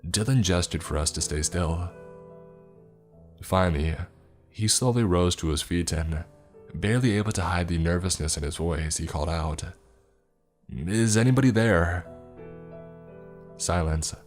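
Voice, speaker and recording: A man with a very deep voice reads a scary story in a steady, measured delivery. Faint music plays softly beneath his narration. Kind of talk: scripted horror story narration.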